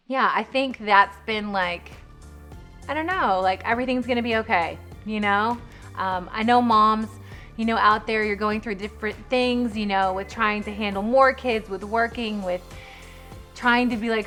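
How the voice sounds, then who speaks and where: A pregnant woman vlogging to camera in a chatty, fast, filler-heavy way, a little out of breath. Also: on the high side, fairly even intonation, a bit bright, faint music behind. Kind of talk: casual chat to camera.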